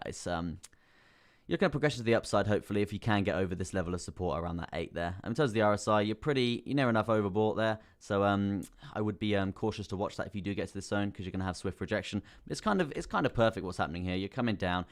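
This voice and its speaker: A man with a very low voice hosts a live crypto stream. He walks through price charts in a loose, chatty way, repeats his points and keeps calling the viewers bro. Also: clear, resonant tone. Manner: casual, repeats phrases, calls viewers bro. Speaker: crypto livestream host. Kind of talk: live chart analysis, reading chat.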